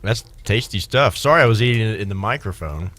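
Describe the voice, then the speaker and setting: A man's voice: lowish voice, lively intonation, a little fast, fairly bright tone. Teasing radio co-host man. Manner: teasing, playful questions. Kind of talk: casual radio banter. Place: radio studio.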